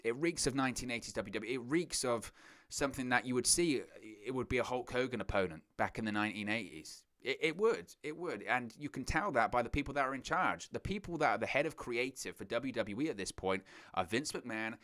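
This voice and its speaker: Animated man reviewing a wrestling show. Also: medium pitch, a little fast. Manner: animated, repeats phrases, voice jumps up when mocking. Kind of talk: casual opinion monologue.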